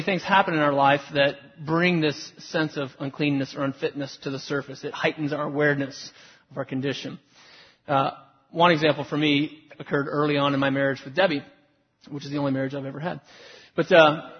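A man's voice: fairly high pitch, slightly rough. A man preaching a sermon to his congregation, telling self-deprecating stories about his marriage in a conversational way. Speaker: pastor. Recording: lo-fi recording with long hall reverb.

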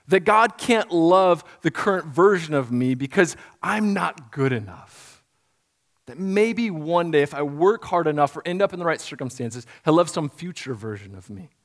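A man in his thirties, a pastor, preaching a sermon in an earnest voice that builds to emphatic repetition and drops to quiet, soft lines. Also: fairly high pitch.

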